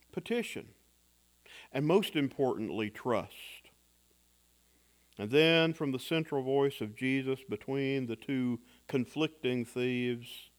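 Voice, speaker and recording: A man preaching a sermon in a measured, reflective way, pausing for effect. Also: a little high. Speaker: pastor.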